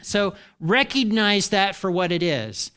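A middle-aged man preaching a sermon with a high, bright voice. He talks to his congregation in an animated way and slips into the voices of the people he quotes. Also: a little slow, clear, resonant tone. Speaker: pastor.

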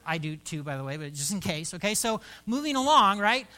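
A man's voice: high voice, very animated, brisk, bright, forceful tone. A male pastor preaching a sermon, telling a story and acting out both sides of a conversation, often repeating words and restarting phrases as he thinks aloud.

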